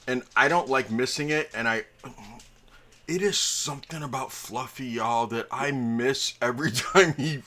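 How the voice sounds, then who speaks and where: A man's voice: mid-range voice, bright, forceful tone. A man hosting a live tabletop game stream as dungeon master, chatting casually and rambling with many fillers.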